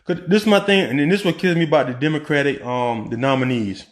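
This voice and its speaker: A man giving casual political commentary in a vlog, talking in an animated way with rhetorical questions and many restarts. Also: fairly high pitch, fast, few pauses, reverberant. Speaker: vlogger.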